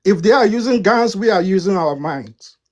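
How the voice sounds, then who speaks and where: A woman's voice: medium pitch, expressive, moderate pace, a little mellow. African accent lady in a heated debate, stumbles and restarts, keeps saying listen. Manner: defiant, stammering restarts, repeats "listen" and "right". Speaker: debate panelist.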